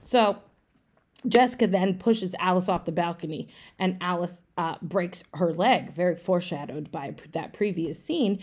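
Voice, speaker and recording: A woman giving a rapid, casual, run-on plot recap for a podcast, peppered with profanity. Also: lowish voice, a little mellow. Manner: breathless run-on storytelling, profane. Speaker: podcast segment presenter.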